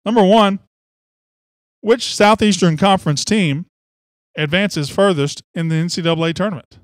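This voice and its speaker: A man's voice: sits high, normal speed, no room sound, studio quality. A man hosting sports talk radio, fired up and opinionated, rambling from one take to the next.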